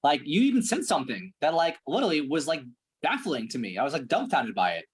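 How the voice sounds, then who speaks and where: Blunt, husky-voiced male sales coach. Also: a little high, sing-song, fast. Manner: blunt, profane, intense. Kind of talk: one-on-one coaching call.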